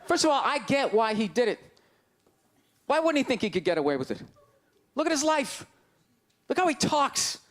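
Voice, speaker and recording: A man in his forties doing a loud, exasperated, mocking stand-up rant on a club stage with a handheld mic. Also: very high-pitched, sing-song, normal speed, long pauses. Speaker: stand-up comedian. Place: comedy club stage before a live audience. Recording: live club recording with crowd laughter and noise.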